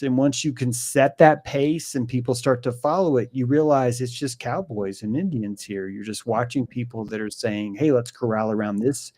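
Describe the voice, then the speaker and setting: A man's voice: mid-range voice, moderate pace, hardly any pauses, mellow, no room sound, clean studio sound. A man as a guest, talking in a profane, ranting way in an opinionated conversation.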